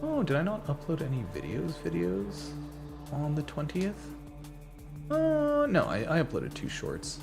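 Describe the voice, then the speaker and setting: A man's voice: fairly high pitch, wildly swooping pitch, measured pace, vocal fry, over music. A man streaming from home in casual, rambling chat who swears now and then. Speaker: game streamer.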